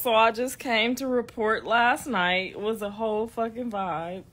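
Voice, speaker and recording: A woman in her thirties from Ohio, telling a story in a casual, animated way, laughing often and swearing a lot. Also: fairly high pitch, unhurried, slight background noise. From Ohio, United States. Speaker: vlogger.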